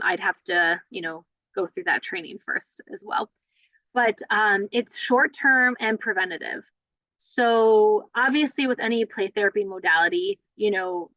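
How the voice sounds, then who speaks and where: A woman's voice: medium pitch, pushed and bright, no echo. A woman play therapist giving a conversational training lecture, with frequent fillers and asides. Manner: conversational, many "you know" fillers. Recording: dull lo-fi dry audio.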